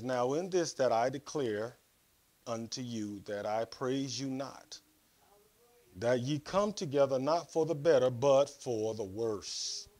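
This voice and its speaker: A male pastor preaching a sermon, reading scripture aloud, adding comments and giving the congregation instructions. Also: mid-range voice.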